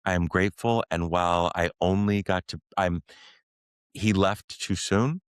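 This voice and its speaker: A middle-aged man, a podcast guest, telling a personal story in an earnest, halting way with many fillers and restarts. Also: low voice, fairly even intonation, clean tone, dry recording.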